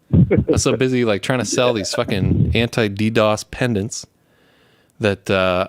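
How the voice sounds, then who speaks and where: A man's voice: lowish voice, measured pace, no echo. A young man in casual, profane chat, rambling through stories and laughing as he talks. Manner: rambling, swears constantly, laughs while telling stories. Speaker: show host.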